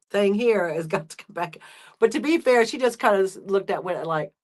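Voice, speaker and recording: This woman, a guest friend on a casual live chat, has a mid-range, animated voice and speaks at a moderate pace. She's a chatty storyteller who acts out her pets and neighbors in hushed voices.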